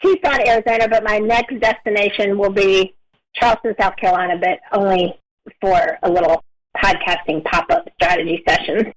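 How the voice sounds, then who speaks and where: A woman's voice: mid-range voice, fairly even intonation, moderate pace, low-quality recording. A woman co-hosting a podcast, playful and laughing often in casual chat. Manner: giggly, playful. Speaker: podcast co-host.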